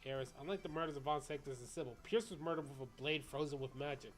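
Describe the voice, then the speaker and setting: A male streamer reading game dialogue aloud in a brisk, pressing way. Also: on the high side, soft background music.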